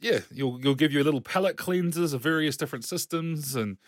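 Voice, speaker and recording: A man's voice: a little high, brisk, no room sound, clean studio sound. A man co-hosting a tabletop gaming podcast, chatting in an upbeat, loose way. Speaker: podcast co-host. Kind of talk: casual chat about tabletop games.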